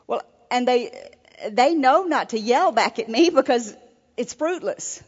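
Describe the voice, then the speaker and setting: A woman minister with a high, animated voice speaks a little slowly, giving an earnest marriage-seminar sermon with many restarts. The recording is lo-fi and the hall reverberant.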